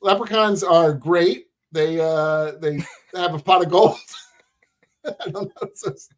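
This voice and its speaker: A man's voice: on the high side, takes it slowly. A man co-hosting a podcast over a video call, chatting casually, teasing his co-host and laughing often.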